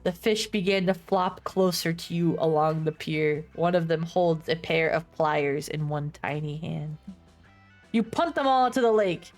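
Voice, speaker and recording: A young woman streamer narrating a visual novel aloud in a dry, deadpan read. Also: deep voice, a little slow, faint music behind. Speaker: streamer reading a dating game.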